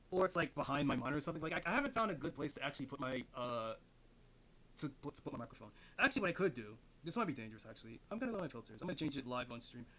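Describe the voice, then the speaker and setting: A man's voice: fairly high pitch, a bit bright. A man streaming from his home desk, rambling and swearing as he thinks aloud, with his mic farther away than usual at an odd angle. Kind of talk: casual live-stream chat. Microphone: desk mic set farther away than usual, at an odd angle.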